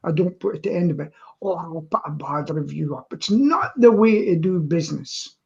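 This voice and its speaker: Brief: woman panelist telling animated stories, playing every part, on muffled video call audio. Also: sits low, normal speed, vocal fry. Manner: animated anecdote teller who acts out both sides of dialogue. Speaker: regular panelist on a live stream. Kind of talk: casual storytelling.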